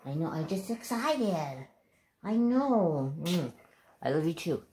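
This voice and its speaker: A woman hosts a casual craft unboxing vlog from home, gushing and exclaiming over and over. Her voice sits fairly low but swoops up and down a great deal. She talks slowly and stops to chat to her dog. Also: very animated, dark tone, slight background noise. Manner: chats to her dog while talking. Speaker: craft channel host.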